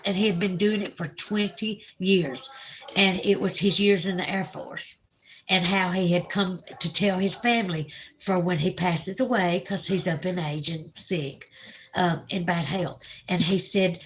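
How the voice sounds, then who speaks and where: A woman's voice: mid-range voice, unhurried, fairly bright tone, a little hiss or hum. A woman from Alabama with a Southern accent, chatting casually on a livestream and gushing over her viewers. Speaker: livestream host. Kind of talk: casual livestream chat reading viewer comments.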